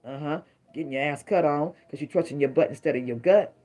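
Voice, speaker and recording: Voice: mid-range voice, fast, mellow. A middle-aged tarot reader giving a casual, emphatic reading to viewers, full of rhyming catchphrases.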